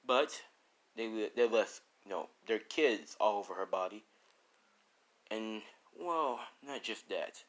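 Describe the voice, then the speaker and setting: A man's voice: fairly low pitch, expressive, slow. Rambling man narrating a fan story. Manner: rambling, slangy, profane asides.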